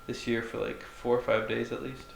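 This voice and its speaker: A man's voice: medium pitch, flat delivery, normal speed, gravelly. A man co-hosting a podcast, telling rambling stories full of fillers in casual chat. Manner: rambling, filler-heavy storytelling. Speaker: podcast co-host. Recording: roomy echo, faint noise.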